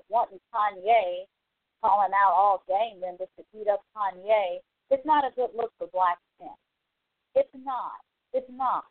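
A woman's voice: mid-range voice, dry recording. A woman hosting a call-in talk show, ranting casually with exasperated, profane repetition and reading listener comments aloud. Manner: exasperated, profane, repeats herself. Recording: tinny phone line, dry.

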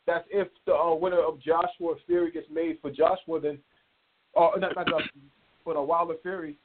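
A man's voice: a little high, flat delivery, normal speed. A man co-hosting a casual sports podcast, eager and rambling. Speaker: podcast co-host. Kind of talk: casual chat. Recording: phone-like line.

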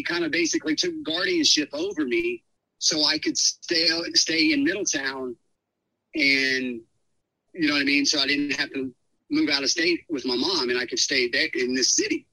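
Middle-aged guy rambling through a story on a podcast, gravelly and bright, pitch jumping all over, dry close sound. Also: moderate pace, no room sound, rough recording. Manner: rambling, animated storyteller, many fillers. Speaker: podcast guest. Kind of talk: casual storytelling chat.

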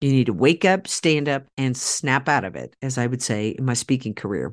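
With a rumbling low voice, this woman hosts a podcast and speaks expressively at a moderate pace, barely pausing. Her monologue is persuasive and rallying, aimed straight at listeners, with key phrases repeated for emphasis.

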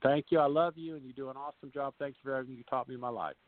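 A male tennis coach, a guest on a radio show, telling stories in a folksy, animated way and acting out the players he quotes. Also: mid-range voice, very fast, no room sound. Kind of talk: radio interview storytelling. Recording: dry tinny phone line.

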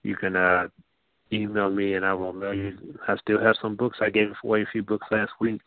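A soft-spoken man with a lowish voice gives an informal teaching, halting and restarting as he goes. He comes through a tinny phone line with a dry, close sound. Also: completely flat delivery, dry recording. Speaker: teacher and host.

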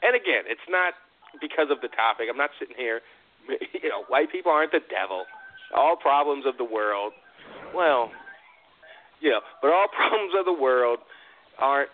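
A male host of a call-in show, talking in an animated, profane, rambling way. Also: medium pitch, moderate pace, long pauses. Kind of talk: call-in podcast chat. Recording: tinny phone-like line.

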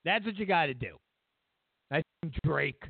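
A man's voice: fairly high pitch, lively intonation, moderate pace, vocal fry, no echo. A man hosting a talk show, ranting sarcastically in a rambling, comedic way with lots of restarts. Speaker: host. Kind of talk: casual comedic rant. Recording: tinny phone-like line, dry.

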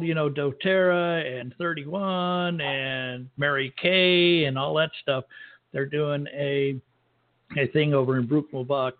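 Teasing man over a tinny line. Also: a little high. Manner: playful teasing reactions. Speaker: podcast co-host. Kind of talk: casual chat.

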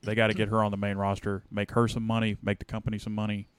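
A man's voice: on the low side, monotone, quick pace, smooth, no echo. A middle-aged man co-hosting a casual wrestling podcast, rambling with lots of filler words. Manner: rambling, many "you know" fillers. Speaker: podcast co-host.

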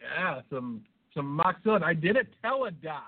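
High-voiced stuffed-up man, tinny. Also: very animated, normal speed. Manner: rambling, laughs at own jokes. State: stuffed up from a cold. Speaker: podcast co-host. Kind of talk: crude casual banter. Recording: tinny phone-like sound.

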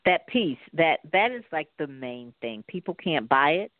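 Woman, faith testimony, lively storyteller, repeats for emphasis, dry sound, phone-line quality. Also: sits low, moderate pace, dry recording. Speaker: author and interview guest.

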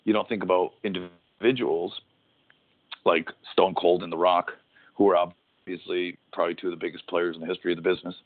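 A middle-aged former pro wrestler, now a podcast host, chats casually in a low, flat, brisk voice. He rambles, swears, and keeps restarting sentences. The audio sounds tinny, like a phone.

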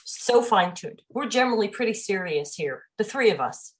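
A woman hosting a spiritual talk show, chatting casually and telling animated stories with frequent laughter. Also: mid-range voice, moderate pace. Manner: animated storyteller, laughs often. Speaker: host. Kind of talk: casual chat.

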